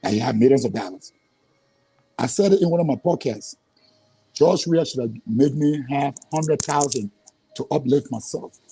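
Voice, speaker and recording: A man's voice: medium pitch, moderate pace, gravelly, mellow, slightly rough, dry recording, soft background music, low-quality recording. A man with a Liberian English accent, speaking heatedly as an interview guest, often stammering and repeating himself when frustrated. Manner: angry, repetitive, stammering restarts.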